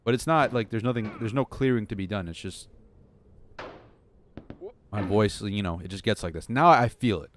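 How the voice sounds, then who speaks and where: Sitting at his desk at home, a young man livestreams a game and chats loosely with viewers, often joking at his own expense. His voice sits on the low side, with a faint hiss or hum in the recording.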